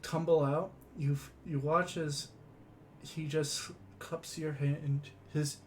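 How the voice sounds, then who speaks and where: A man narrating a tabletop role-playing scene as game master, in a slow, hushed, dramatic way. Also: a little high, little pitch movement, slight background noise.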